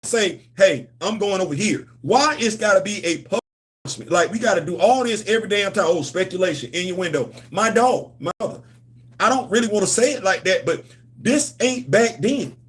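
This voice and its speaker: A man's voice: high voice, animated, brisk. A man hosting a comics and culture channel, talking in a loose, playful, repetitive way with slang. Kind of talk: casual livestream chat.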